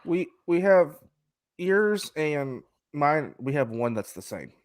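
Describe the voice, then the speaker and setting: A man's voice: a little high, very animated, slow pace, no room sound, studio quality. A man co-hosting a podcast in casual chat, rambling and hesitant, with many restarts. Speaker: podcast co-host.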